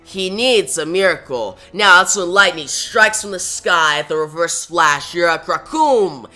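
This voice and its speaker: A man's voice: high-pitched, lively intonation, a little slow, pushed and bright, faint music behind. A man who reviews comic books, retelling the story in a casual recap that often starts with "now". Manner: retells scenes plainly with frequent "now".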